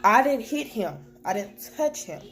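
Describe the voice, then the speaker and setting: A woman's voice: fairly high pitch, expressive, measured pace, a little hiss or hum. A young woman vlogger talking to the camera at home, telling a personal story in a candid, plain-spoken way and quoting what was said. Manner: candid, plain-spoken retelling with quoted dialogue. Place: at home with children nearby.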